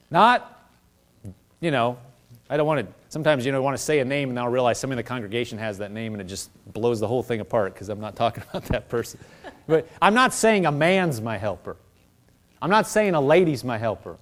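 A man preaching a sermon, calling on the congregation to repeat after him, with a conversational manner full of asides. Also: medium pitch. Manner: lively preaching with call-and-response. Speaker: pastor.

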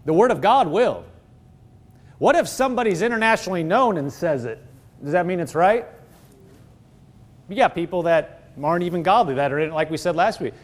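A man's voice: high voice, expressive, brisk, long pauses. A man preaching a sermon as pastor, emphatic, throwing rhetorical questions at the congregation.

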